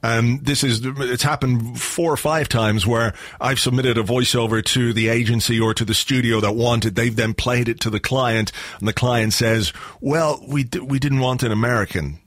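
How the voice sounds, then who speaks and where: A man's voice: medium pitch, fairly even intonation, moderate pace, hardly any pauses, no echo. An Irish man co-hosting a podcast, chatting in a wry, rambling way with frequent restarts. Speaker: podcast co-host. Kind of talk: casual chat.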